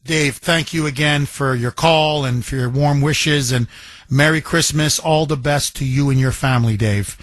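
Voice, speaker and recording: A man's voice: mid-range voice, moderate pace, fairly bright tone, dry recording. A man hosting a call-in talk radio show, chatty and folksy, often cutting in on callers.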